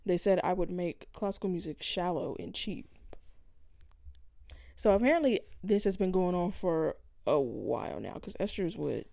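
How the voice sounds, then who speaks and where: A woman co-hosting a podcast, chatting casually and reading out news in a relaxed, laid-back way. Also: fairly low pitch, moderate pace, gravelly, dry recording, studio quality. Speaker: podcast co-host.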